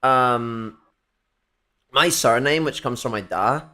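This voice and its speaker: A man's voice: mid-range voice, slow pace, pushed and bright. A man in casual political chat, rambling and profane, with frequent laughs and fillers. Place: Chicago.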